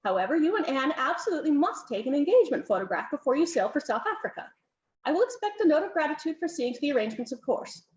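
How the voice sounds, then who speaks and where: A woman's voice: high voice, sing-song, fast talker, reverberant, dull audio, voice pushed up. A woman voicing an imperious older aristocratic countess who fusses and gives orders. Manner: bossy, fussy, commanding.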